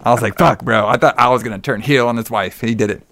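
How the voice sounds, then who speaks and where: A man in loose, casual conversation walks through a movie plot, swearing freely and slipping into the characters' voices. His voice sits at an ordinary middle pitch. The sound is dry and close. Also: fast, fairly bright tone, dry recording. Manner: profane, rambling, acts out characters' lines. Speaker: podcast co-host recapping a movie. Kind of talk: casual chat.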